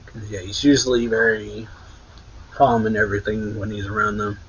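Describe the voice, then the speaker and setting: A man's voice: lowish voice, little pitch movement, normal speed, fairly bright tone, dull audio, a little hiss or hum. A man casually recapping a story in a loose, rambling way, often correcting himself. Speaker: manga reaction host.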